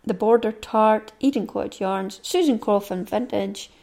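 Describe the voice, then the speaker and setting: A woman's voice: mid-range voice, moderate pace, darkish tone. A middle-aged woman, hosting her own podcast in a chatty, rambling monologue and reading through a long list. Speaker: knitting podcast host. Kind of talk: casual monologue.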